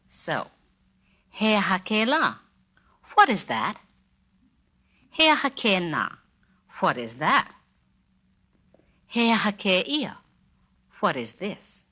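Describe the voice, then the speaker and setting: A woman leads a spoken-word language lesson, saying every phrase slowly and repeating it so the listener can follow. Her voice sits a little low but sounds bright and clear. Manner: slow, careful, repeats each phrase for the listener. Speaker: language teacher narrating a record.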